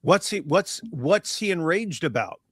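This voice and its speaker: A man's voice: a little high, lively intonation, a little slow, breathy edge, no room sound, studio quality. A man co-hosting a live commentary stream, talking emphatically with a mocking edge. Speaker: co-host.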